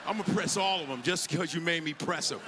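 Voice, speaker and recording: A man performing a stand-up comedy set on a club stage, acting out characters with sudden shouted outbursts. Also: a little high, fairly quick. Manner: animated, acts out characters with big shouted outbursts. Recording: live club recording with audience noise.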